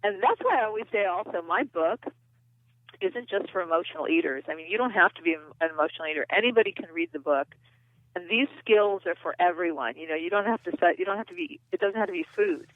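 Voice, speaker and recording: A woman's voice: fairly low pitch, lively intonation, fast, no room sound. A woman therapist and author, explaining earnestly as a guest in a phone interview. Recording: tinny dry phone line.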